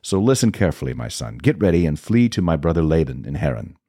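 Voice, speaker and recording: A man voicing a protective mother giving urgent, hushed advice to her son. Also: a bass voice, very animated, fast, no echo, clean studio sound, exaggerated voice.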